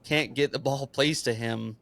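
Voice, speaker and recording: A man's voice: medium pitch, steady tone, a little slow, gravelly, fairly bright tone, no room sound. A young man co-hosting a casual sports podcast, blunt and swearing freely. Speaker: podcast co-host.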